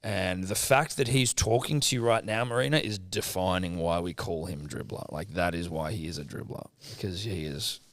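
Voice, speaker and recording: Sweary podcast host, low voice. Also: male voice, normal speed, few pauses, no room sound. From Australia. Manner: swears freely, tells stories with put-on quotes. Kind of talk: casual sports podcast banter.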